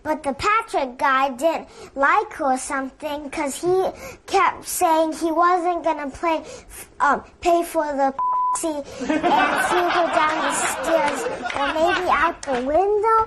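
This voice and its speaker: A woman plays an innocent, chirpy young girl giving a book report in a comedy sketch. Her voice sits very high. The clip carries audience laughter and clear noise behind it. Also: slow pace, crowd noise. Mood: naive.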